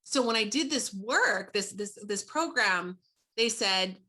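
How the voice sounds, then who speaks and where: An American woman tells her personal story in conversation as an interview guest. Her voice is bright and clear, and her delivery is animated and heartfelt. She often breaks off and restarts her sentences as she goes. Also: medium pitch, a little slow. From United States.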